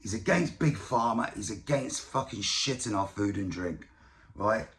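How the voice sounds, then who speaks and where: A man's voice: on the low side, animated, unhurried, fairly bright tone. A man from the UK giving casual, profane, rambling political commentary as a vlogger. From United Kingdom.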